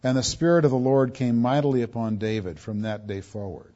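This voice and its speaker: A man preaching a sermon, his voice swelling on key words and dropping low, often repeating words as he restarts. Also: steady tone, a little fast. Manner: preaching with emphatic swells and soft drops. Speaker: pastor. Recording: dull lo-fi sound.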